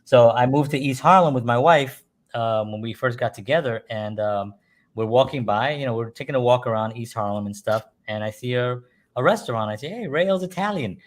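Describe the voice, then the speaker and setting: A man's voice: mid-range voice, brisk. Chatty New man telling stories. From New York. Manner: animated storyteller, chuckles while talking, puts on voices in quotes. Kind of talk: casual storytelling chat.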